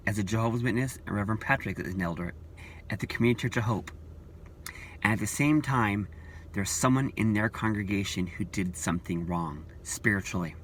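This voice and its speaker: A man's voice: fairly low pitch, fairly bright tone, a little hiss or hum. A man vlogging about church leaders, talking in an earnest, repetitive, preachy way. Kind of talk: casual opinion vlog.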